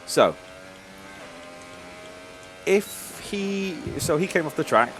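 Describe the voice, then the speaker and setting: A man's voice: a little high, expressive, slow pace, a bit bright. A man co-hosting a podcast, talking casually and working through his opinion aloud. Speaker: podcast co-host. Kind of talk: casual chat. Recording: background noise.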